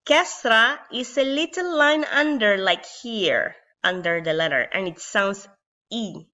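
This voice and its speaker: Slow, bright-voiced woman teaching Arabic. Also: on the high side. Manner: patient, explains slowly with many checks like okay and yeah. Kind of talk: beginner language lesson. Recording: dull lo-fi sound.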